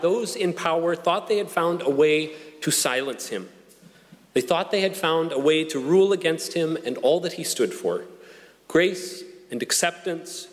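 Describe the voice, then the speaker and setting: A man preaching an Easter-morning sermon in a measured, earnest way, with slow emphatic pauses. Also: on the high side. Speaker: pastor. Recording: long hall reverb.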